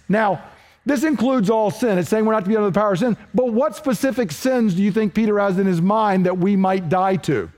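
A man preaching a sermon, earnest and questioning, moving between emphatic points and hushed, slowed lines. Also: high voice. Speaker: pastor.

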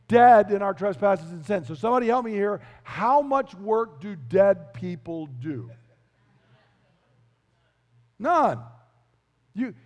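Brief: male pastor with a high voice, emphatic and repetitive, long hall reverb. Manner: emphatic, repeats key phrases, quizzes the congregation. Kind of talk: expository sermon.

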